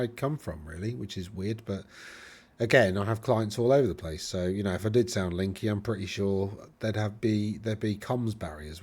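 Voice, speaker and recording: Low-voiced middle-aged man, near-RP accent. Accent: received pronunciation with slight Lincolnshire traces. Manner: rambling and digressive, hesitant. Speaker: podcast host. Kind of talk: casual monologue.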